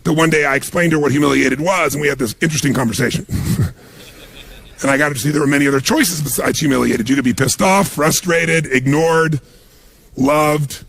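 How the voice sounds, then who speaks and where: Male motivational speaker, gravelly husky voice, animated storyteller. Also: fairly high pitch, a little fast, dry recording. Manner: storytelling, acts out quoted voices. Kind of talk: motivational talk.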